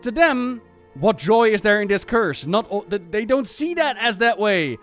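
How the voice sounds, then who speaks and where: A man streamer chatting casually about game lore in an animated, ranting and profane way. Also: high-pitched, normal speed, faint music behind.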